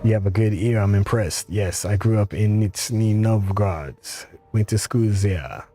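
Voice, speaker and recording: Man reading a cultured game tinkerer, pleasant, courteous, low dark voice, faint music behind. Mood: polite. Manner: courteous, measured, faintly ironic. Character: cultured polite male tinkerer in trench coat.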